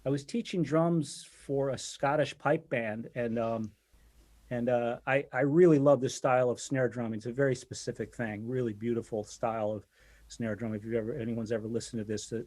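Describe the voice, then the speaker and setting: A man, the guest drummer, telling casual stories in a podcast interview, talking in halting bursts with many restarts and fillers. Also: medium pitch, steady tone, a little mellow.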